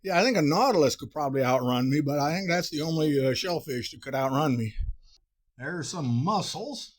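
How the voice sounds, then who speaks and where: A man's voice: fairly high pitch, lively intonation, normal speed. A man, hosting a cooking show in a folksy, rambling way. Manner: folksy, drawling, with frequent uh fillers.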